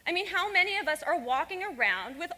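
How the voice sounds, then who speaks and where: Fiery bright-voiced woman speaking on stage. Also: very high voice, very animated, brisk. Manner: fiery, frank and profane. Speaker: conference speaker. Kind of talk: stage talk to a live audience. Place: large conference hall. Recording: reverberant conference hall.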